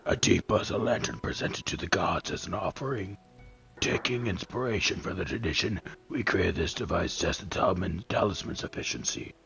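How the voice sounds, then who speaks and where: A man voicing a polite, scholarly alchemist with a measured, formal delivery, as fan voice acting of a game scene. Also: sits low, creaky, a bit bright.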